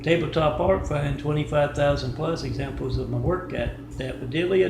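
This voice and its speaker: Gravelly-voiced man rambling on a vlog. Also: a little high, moderate pace, noisy background. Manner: rambling, self-promoting, spells out web addresses. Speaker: artist vlogger.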